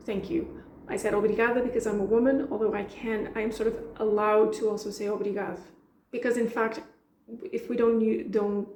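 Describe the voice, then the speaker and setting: A woman's voice: medium pitch, a little mellow, reverberant, slight background noise. A woman from Portugal with a European Portuguese accent, teaching in a chatty way, acting out dialogue lines and laughing often. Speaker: language teacher. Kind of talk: casual explanatory lesson.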